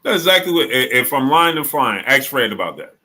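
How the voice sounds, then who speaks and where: Bright-voiced man chatting on a live stream. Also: mid-range voice, fairly quick. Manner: animated storytelling, acts out friend's quotes. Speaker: sports channel host. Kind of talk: live-stream chat with viewers.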